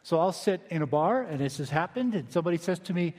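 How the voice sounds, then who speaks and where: A male pastor with a slightly higher voice delivers a sermon in an easy, conversational way, often sinking to a quiet, intent hush to drive a point home. His voice carries a long reverb tail, as if from a large church hall. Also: animated, fast talker. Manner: conversational, dynamic preaching with quiet emphatic drops. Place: church sanctuary.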